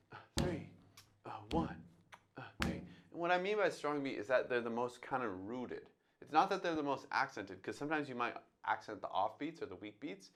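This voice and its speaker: A medium-pitched man teaches drums casually and step by step, with background noise in the recording. He thinks out loud and sings the drum sounds as he goes.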